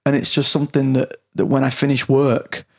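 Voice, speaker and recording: A man's voice: medium pitch, flat delivery, fairly quick, gravelly. A man in casual conversation, candid and self-deprecating, swearing freely and restarting his sentences often. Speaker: podcast guest. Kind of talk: casual chat.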